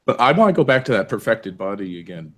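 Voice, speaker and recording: Playful Canadian man, lively pitch. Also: fast talker. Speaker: co-host of a group commentary chat. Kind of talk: casual online group chat.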